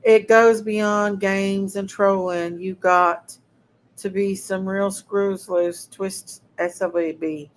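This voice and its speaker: A woman's voice: medium pitch, steady tone, slow pace, poor audio. A woman hosting a casual livestream, talking to her chat viewers and sounding indignant. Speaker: livestream host.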